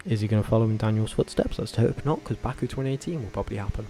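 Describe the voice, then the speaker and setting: A man vlogging casually, talking in a rambling, animated way with frequent self-corrections and tangents. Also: lowish voice, racing, a little hiss or hum. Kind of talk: casual opinionated commentary.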